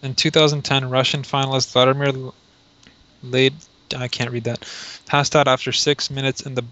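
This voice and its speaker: A man co-hosting a casual podcast talk, his voice level and flat in pitch. He stops and restarts as he reads things aloud. The sound is dull and lo-fi. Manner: reads search results aloud, halting. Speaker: podcast co-host. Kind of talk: casual chat.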